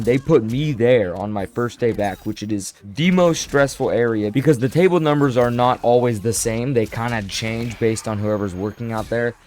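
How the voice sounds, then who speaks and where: A young man telling a casual storytime, animated and self-deprecating, often restarting his sentences. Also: medium pitch. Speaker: storyteller vlogger.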